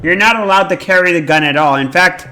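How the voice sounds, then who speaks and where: A man chatting casually while he plays a game on a live stream, rambling in an animated way and swearing freely. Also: sits high, fast, faint music behind.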